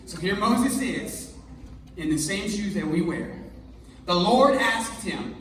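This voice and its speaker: A male pastor preaching a sermon in an energetic, conversational, jokey way, recorded in a church hall. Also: high voice, takes it slowly, slight background noise. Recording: echoey hall, mic far off.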